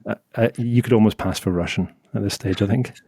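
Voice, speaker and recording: A Scottish man chatting as a guest on a podcast, talking in an animated, laughing way. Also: on the low side, quick pace, creaky, husky, dry recording, studio quality. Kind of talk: casual podcast chat.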